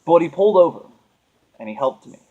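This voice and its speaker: A man's voice: a little high, expressive, brisk, dull audio. A man venting in a casual monologue, rambling and earnest, often restarting his sentences. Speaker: vlogger.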